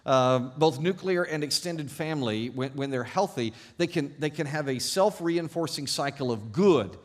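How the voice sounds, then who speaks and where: A male pastor delivers a sermon to his congregation, his voice sitting a little higher than most men's. His storytelling is animated and self-deprecating, shifting between loud, ironic emphasis and quiet confession. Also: moderate pace. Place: church service before a congregation.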